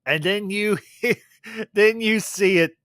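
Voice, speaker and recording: A man's voice: sits high, slow, a bit bright, no echo, studio quality. A man hosting a livestream, animatedly recapping a film scene by scene, laughing as he goes. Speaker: livestream host.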